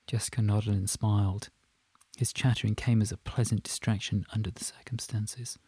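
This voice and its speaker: A man narrating an audiobook in a measured, steady reading. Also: lowish voice, slightly rough, no room sound.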